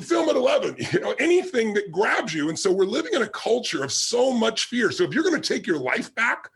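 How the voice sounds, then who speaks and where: This man's voice sits high and sounds fairly bright, though gravelly and husky, as he gives a motivational talk. Drawing on personal stories, he pushes forcefully and hammers his main points again and again.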